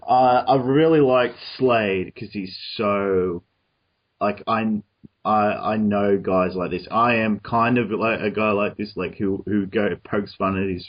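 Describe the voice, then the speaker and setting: A man with an Australian accent talks in a low, husky voice, circling back and restarting his sentences as he chats. The sound is dull and lo-fi, like an online call. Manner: rambling, many restarts and fillers. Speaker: podcast host. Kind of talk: casual discussion over an online call.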